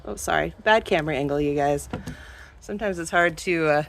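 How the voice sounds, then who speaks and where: A woman's voice: low-pitched, a little fast, gravelly, slight background noise. A woman in her thirties or forties vlogging casually on her farm while doing chores, filming on a handheld camera outdoors and in barns. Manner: chatty, talks sweetly to animals. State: out of breath at times. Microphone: handheld camera, she films herself.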